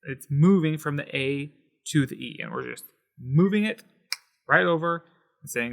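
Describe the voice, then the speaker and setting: A man teaching a Spanish lesson, patiently explaining and slowing down to sound out words syllable by syllable. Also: a little high, creaky. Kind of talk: explaining at a whiteboard.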